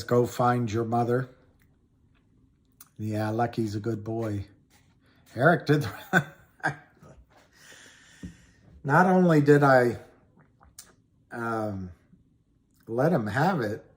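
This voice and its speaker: Guy on a livestream, talks real slow, rambles, reads chat out loud, mid pitch. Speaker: livestream host. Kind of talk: casual livestream chat about stocks.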